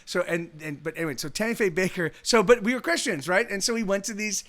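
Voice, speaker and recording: A Southern California man hosts a live music stream, chatting casually and rambling with many restarts and laughs. His voice is high-pitched, quick, and fairly bright.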